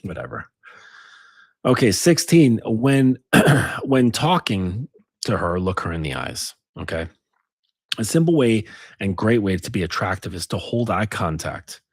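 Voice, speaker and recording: Male coach, low husky voice, lively pitch, dry close sound. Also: unhurried, no echo. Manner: insistent, repeats tag questions. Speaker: dating coach. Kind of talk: casual advice monologue.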